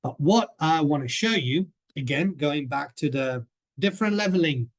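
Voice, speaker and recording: A man's voice: fairly high pitch, animated, moderate pace. Chatty man presenting a webinar. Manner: chatty, keeps checking in with "okay?". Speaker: teacher trainer presenting a coursebook.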